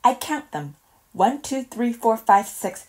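A woman doing a chirpy, fast-talking squirrel. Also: on the high side, sing-song, a little mellow, pitched above the performer's own voice, exaggerated voice. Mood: chatty boastful. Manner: rapid, chirpy and pleased with himself.

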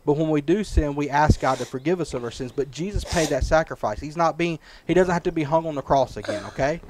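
A man's voice: on the high side, fast talker, rough recording. A man leads a children's Bible class as their preacher. He talks patiently and keeps checking that the kids follow. A faint hiss of noise sits under the recording. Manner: patient, checks in often with "right?" and "okay?". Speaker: preacher teaching children's Sunday school.

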